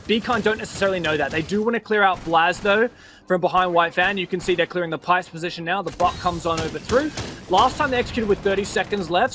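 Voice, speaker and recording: A man giving fast play-by-play esports commentary, excitable and bantering with his co-caster. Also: sits high, slight background noise.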